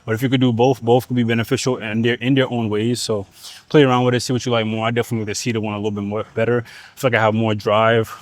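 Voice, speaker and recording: A young man explaining leg exercises in a gym, in relaxed slangy talk, at times out of breath. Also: mid-range voice, rapid-fire, no room sound. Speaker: fitness vlogger. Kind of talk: casual gym coaching vlog.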